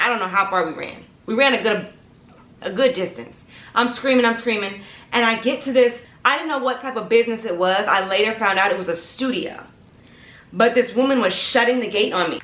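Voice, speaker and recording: Young woman doing a dramatic storytime vlog, kinda high voice, roomy echo. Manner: animated, dramatic storytelling, addresses viewers as y'all. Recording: echoey room.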